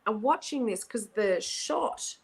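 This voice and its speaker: A woman hosting a podcast, chatting casually and telling animated stories with loud bursts of laughter. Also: medium pitch, slow pace, vocal fry, a little hiss or hum. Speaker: podcast host. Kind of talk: casual chat.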